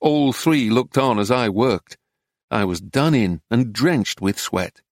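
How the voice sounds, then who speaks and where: A man's voice: medium pitch, animated, slow pace, no room sound. Man reading a memoir, dry close sound. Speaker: narrator. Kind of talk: audiobook narration of a memoir.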